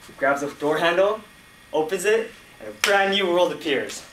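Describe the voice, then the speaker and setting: A man improvising an animated story at a club meeting, heard from across an echoey room. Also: high voice, normal speed. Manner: animated, laughs as he tells it. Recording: echoey room, distant mic, faint noise.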